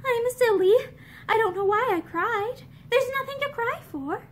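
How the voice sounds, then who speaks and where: A woman's voice: extremely high pitch, animated, unhurried, a little hiss or hum, voice pushed up. Woman voicing Esther, a timid young woman. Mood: shaky. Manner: hesitant, self-effacing. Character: timid, troubled, tender-hearted young woman.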